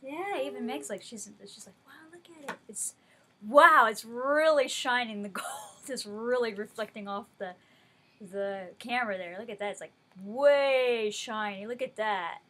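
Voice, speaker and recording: A woman unboxing gifts in a casual vlog, gushing over each one and dropping to a softer tone when she explains. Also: fairly high pitch, a little slow, low-quality recording. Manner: gushing, effusive. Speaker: vlogger.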